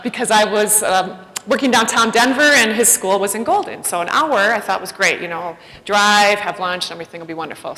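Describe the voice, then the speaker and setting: A woman giving a personal storytelling talk as a keynote speaker, animated and self-deprecating, acting out the voices she quotes. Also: mid-range voice. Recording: long hall reverb.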